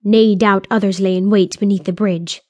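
A blunt, gruff dwarf warrior, read by a woman narrator, full of old-fashioned rustic speech. His lines come with bold, ready energy. The recording is dry and close. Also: mid-range voice, steady tone, normal speed, darkish tone, no room sound, lightly acted. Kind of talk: audiobook character voice.

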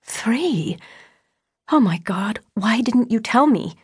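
A woman voicing a frantic mother who questions her teenage daughter in a low, urgent, pleading voice. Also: very animated, measured pace, darkish tone, breathy edge, no room sound, clean studio sound. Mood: alarmed.

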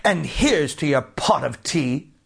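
A man putting on shrill grumpy bride Nora. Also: lively intonation, slow pace, vocal fry, fairly bright tone, breathy edge, full character voice. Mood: snappish. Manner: shrieking, snappish.

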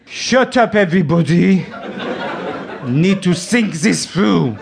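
A man voicing a pompous, self-important male chef who announces his cooking grandly, over loud audience laughter. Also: high-pitched, animated, takes it slowly, gravelly, a crowd in the background, exaggerated voice.

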